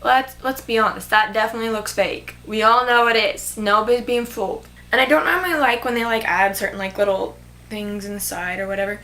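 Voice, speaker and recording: A woman's voice: fairly high pitch, steady tone, fairly quick, sharp tone. A young woman casually reviewing a movie on her vlog, gushing and filling her talk with "like". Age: young adult. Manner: gushing, heavy "like" fillers. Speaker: vlogger.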